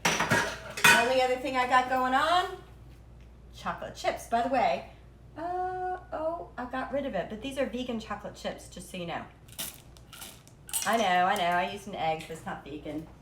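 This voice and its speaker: A woman with a slightly high, expressive voice hosts a live cooking demo from her home kitchen, chatty and playful, slipping into silly rhymes as she works. She talks at a moderate pace with frequent pauses, and the echoey kitchen is very noisy with clattering dishes.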